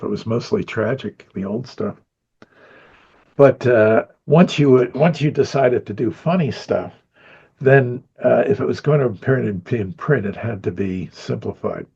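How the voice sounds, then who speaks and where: A man's voice: medium pitch, creaky, a little mellow, breathy edge, highs cut off. An older man in a rambling interview about his animation career, a chuckling storyteller who acts out what people said.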